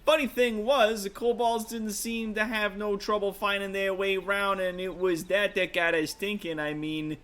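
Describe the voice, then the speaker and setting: A man voicing a rough, cheeky male adventurer in a put-on mix of Brooklyn and Irish accents, slangy and swaggering. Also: high voice, steady tone, moderate pace, few pauses, fairly bright tone. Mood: boastful. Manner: slangy, swaggering, calls people love and lass.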